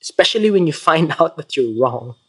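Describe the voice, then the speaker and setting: A man's voice: on the high side, brisk, slightly rough. A man with a Filipino accent giving a short devotional talk, earnest in tone, then leading a prayer. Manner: animated storytelling, acting out the argument; earnest, soft-spoken when praying. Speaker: preacher.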